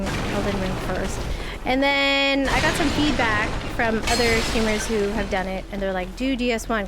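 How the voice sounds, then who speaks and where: A young woman chatting casually while playing a game on a live stream, playful and scattered, reacting out loud as she goes. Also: mid-range voice, heavy background noise. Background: loud background music.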